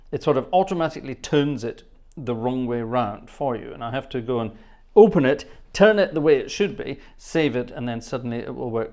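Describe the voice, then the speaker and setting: This man's voice is medium in pitch and a little mellow. He's an organist hosting a casual livestream from his home studio, rambling and chatting, laughing often and thanking viewers by name.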